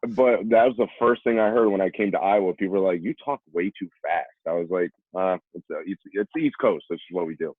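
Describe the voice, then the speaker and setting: Young man from New York, deep voice, tinny phone-like line, dry sound, lively storyteller. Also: fast, hardly any pauses, slightly rough, no room sound. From New York, USA. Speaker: podcast guest, former college running back. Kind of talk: casual storytelling.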